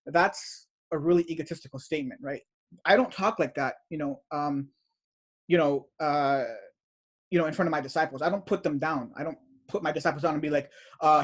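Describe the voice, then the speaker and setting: A man's voice: on the high side, animated, quick pace, husky. A man reads out chat messages and comments on them in an indignant, repetitive way. He leans on "you know" and "right?" as he goes. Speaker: teacher of an esoteric study group.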